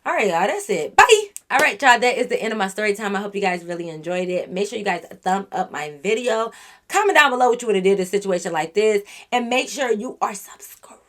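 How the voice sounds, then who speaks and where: A woman's voice: medium pitch, fast. A young woman telling a storytime on her channel, ranting bluntly and with lots of profanity at someone who lied to her. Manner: animated, blunt and profane, venting at the listener. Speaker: YouTube storyteller. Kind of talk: casual storytime rant.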